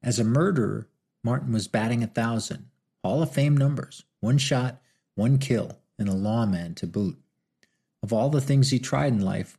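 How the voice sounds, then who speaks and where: Reading a novel aloud as audiobook narration, a man delivers the scripted text in a dry, wry storytelling style. His voice is on the low side, with a dark tone and a breathy edge.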